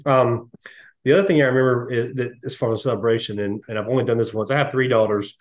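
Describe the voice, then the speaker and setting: A man, hosting a podcast and telling stories in a relaxed, chatty way, lively when he quotes others. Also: mid-range voice, fast. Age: 50s. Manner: storytelling, animated when quoting others. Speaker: podcast host. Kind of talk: casual chat.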